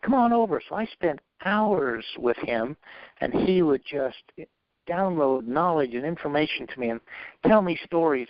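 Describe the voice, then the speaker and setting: A man's voice: mid-range voice, no echo. A man telling his own story in an interview, acting out the voices of past conversations in an earnest, motivational way. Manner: animated, acts out both sides of past dialogues; earnest, faith-driven motivational tone. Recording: dry, slightly dull lo-fi recording.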